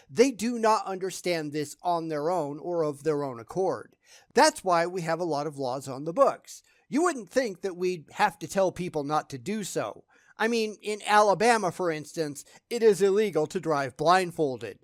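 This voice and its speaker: A man's voice: high-pitched, no room sound, studio quality. A man giving sarcastic reaction commentary, blunt and scornful in how he talks.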